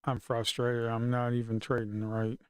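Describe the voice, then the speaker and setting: A man's voice: medium pitch, completely flat delivery, normal speed, clean tone, no echo, clean studio sound. A man live-streaming his futures trading, talking to himself in a casual, frustrated way and swearing under his breath.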